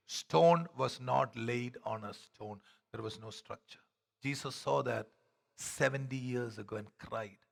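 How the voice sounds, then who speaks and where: Gravelly, bright-toned pastor preaching. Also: male voice. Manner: preaching, swinging from loud proclamation to low hushed phrases; rhetorical questions to the congregation. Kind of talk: sermon.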